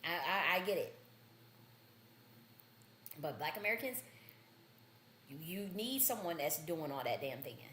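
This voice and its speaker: A woman's voice: low-pitched, expressive, unhurried, pauses often, bright, forceful tone, echoey room, a little hiss or hum. A woman hosting a livestream, talking in a blunt, profane, rambling way with many restarts. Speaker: livestream host.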